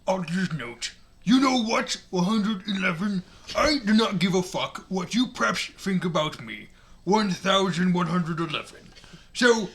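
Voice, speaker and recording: Casting: a man putting on a crude orc voice, slow drawl, high and bright. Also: heavily acted. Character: gruff orc reading a goth teen author's note.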